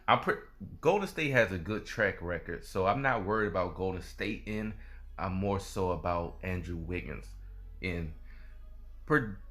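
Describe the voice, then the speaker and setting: A man with a lowish voice giving casual commentary on a basketball player. He repeats himself loosely and often ends his points with "man". Soft music plays quietly underneath. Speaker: sports video host.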